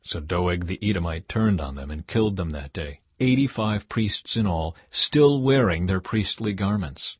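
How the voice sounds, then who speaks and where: A man reading scripture aloud for an audiobook in a steady, expressive narration. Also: sits low, normal speed, hardly any pauses, slightly rough, no room sound.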